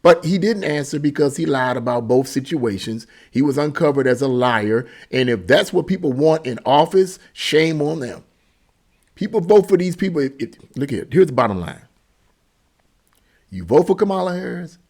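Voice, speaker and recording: A man's voice: fairly high pitch, lively intonation, moderate pace, a little mellow. Indignant male political commentator. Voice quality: emphatic, indignant, repeats himself. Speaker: political commentary channel host.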